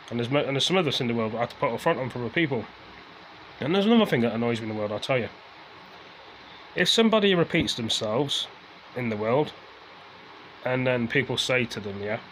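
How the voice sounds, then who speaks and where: A vlogger vents into the camera in a loose, rambling rant, circling back to the same points and swearing more as his frustration builds. His ordinary middle-pitched voice is a bit bright. The audio is poor, with a faint hum of background noise.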